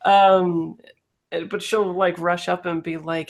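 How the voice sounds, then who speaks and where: A high-voiced man with a gravelly edge playing a tabletop role-play. He speaks slowly with lively, swooping intonation, giggling often. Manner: giggly, playful. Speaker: player.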